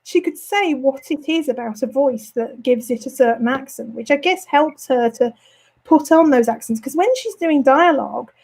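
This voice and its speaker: A woman's voice: high-pitched, normal speed, darkish tone, rough recording. Chatty woman with a mild Birmingham accent. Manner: chatty, frequent ums and self-corrections. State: going a bit hoarse. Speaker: author. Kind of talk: casual interview chat. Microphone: home studio setup.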